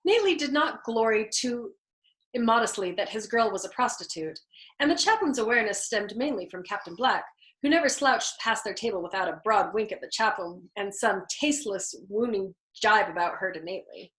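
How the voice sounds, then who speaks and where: A woman reading a novel aloud in an expressive way, shifting her emphasis from phrase to phrase. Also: medium pitch, a little fast. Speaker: reader. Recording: echoey room.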